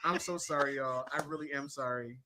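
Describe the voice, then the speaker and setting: A podcast co-host with a mid-range voice and fairly even intonation speaks fairly quickly over background noise. In this casual talk-show chat, he jokes and apologizes his way through technical trouble.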